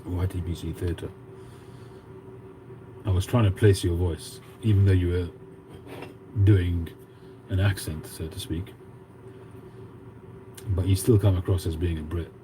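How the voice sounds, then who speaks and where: A man's voice: sits low, fairly even intonation, unhurried, long pauses, noisy background. A man in his fifties with a Cockney accent, hosting a casual livestream and chatting with viewers as he reads out their comments. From England. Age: 50s. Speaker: livestream host.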